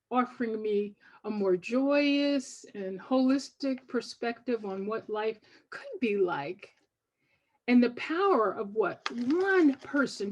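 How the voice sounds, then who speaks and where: Older woman author sharing her writing with listeners; a measured, devout, reflective read, slightly high-pitched, recorded on muffled audio. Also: mellow. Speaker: poet and author. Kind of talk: reading from her book to an audience.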